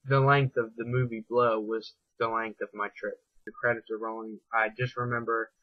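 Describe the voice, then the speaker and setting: A man's voice: medium pitch, level tone, moderate pace, no room sound. Young man, casual storytelling, reflective and rambling, muffled lo-fi audio, dry sound. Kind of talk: casual first-person storytelling. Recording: dull lo-fi dry recording.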